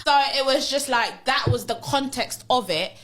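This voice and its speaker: A woman in casual podcast chat, telling a story in an animated way and acting out the lines of the people in it. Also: high-pitched, normal speed, soft background music.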